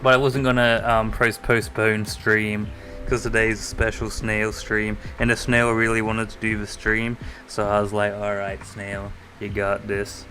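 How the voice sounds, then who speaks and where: A man chatting quietly on a live stream, keeping his voice soft because of a sore throat. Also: lowish voice, completely flat delivery, unhurried. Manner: soft-spoken, near-ASMR quiet talk. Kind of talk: casual stream chat. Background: faint lo-fi music.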